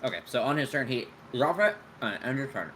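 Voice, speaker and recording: Male GM, mid-pitched voice, casual table talk, quick rulings, faint background noise. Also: big pitch swings, a bit bright. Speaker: game master. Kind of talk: narrating a tabletop game.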